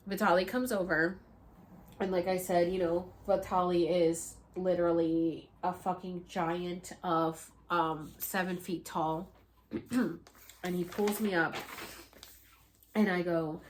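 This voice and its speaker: A young woman vlogger telling a story to camera in a casual, animated way, acting out her own past words with laughing and crying and casual swearing. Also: on the low side, normal speed.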